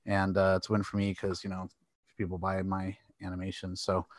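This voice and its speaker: A man's voice: low voice, monotone, brisk, no room sound. A man co-hosting a casual arcade podcast, rambling and laughing often as he chats. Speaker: podcast co-host. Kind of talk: casual chat.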